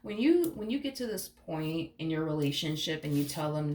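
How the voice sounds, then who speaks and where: A woman's voice: sits low, sing-song, normal speed, a little mellow, roomy sound, a little hiss or hum. A woman giving a casual, rambling tarot reading, emphatic and searching for words, swearing now and then. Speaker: tarot reader.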